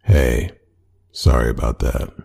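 A man with a deep voice performing a one-sided boyfriend role-play audio drama, talking to an unheard partner with soft, drawn-out endearments. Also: gravelly, slightly rough. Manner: talks to an unheard partner, answering her unseen replies.

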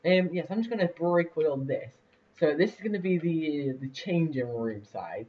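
A man's voice: on the high side, lively intonation, moderate pace. A young man casually commentating a building game, rambling with lots of fillers and laughs. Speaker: let's play host. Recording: distant lo-fi mic.

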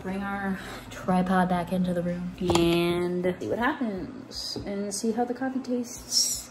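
A woman's voice: on the high side, darkish tone, poor audio. A young woman talking casually to a camera on a tripod in a room at home, rambling with lots of "like" fillers, blunt and swearing. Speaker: YouTuber reviewing a product. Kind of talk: casual vlog chat. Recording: background noise with clicking sounds.

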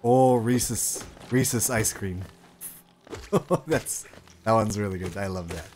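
A man's voice: lowish voice, slow. Guy streaming a game, chill mumbly chat, swears a bit, slight hiss behind. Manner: relaxed, mumbling to himself, swears casually. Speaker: streamer host. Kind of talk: casual gameplay chat.

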